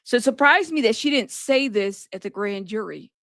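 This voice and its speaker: A woman hosting a livestream, giving animated, exasperated commentary on a trial. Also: a little high, normal speed, no room sound, clean studio sound. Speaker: livestream host. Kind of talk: live commentary.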